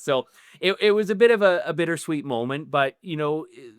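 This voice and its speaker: A man's voice: a little high, quick pace, clean tone, no room sound, clean studio sound. A middle-aged Canadian man, a newly elected politician, answering interview questions earnestly with frequent restarts. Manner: earnest, with many restarts and fillers.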